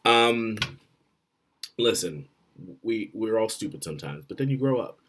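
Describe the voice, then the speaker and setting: A man giving blunt, profane relationship advice straight to the camera, swinging between loud and quiet. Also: on the low side, lively intonation, unhurried. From Florida. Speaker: vlogger.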